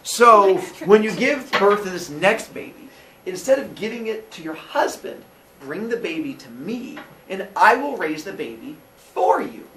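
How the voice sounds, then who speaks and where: Brief: blasé elder earth goddess, voiced by a man, low and quiet, roomy classroom. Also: big pitch swings, unhurried, recorded from a distance, slight background noise, heavily acted. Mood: dismissive. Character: unbothered older earth mother goddess.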